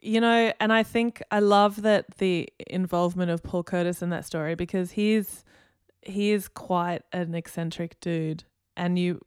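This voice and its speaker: A woman's voice: lowish voice, steady tone, unhurried, hardly any pauses, smooth, no room sound, studio quality. A woman hosting a casual interview, reacting with short comments and easy laughter. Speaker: podcast host interviewer.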